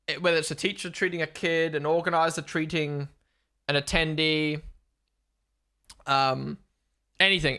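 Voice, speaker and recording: A young man hosting a live race watchalong stream, chatting casually, excitable and swearing as he thinks aloud. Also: fairly high pitch.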